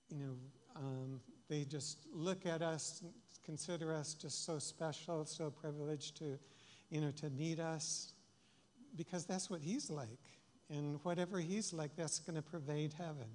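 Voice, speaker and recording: A man with a fairly high voice gives a reflective sermon in a church. He speaks haltingly, with many pauses and fillers. His words ring out with a long hall reverb. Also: darkish tone. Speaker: preacher. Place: church sanctuary.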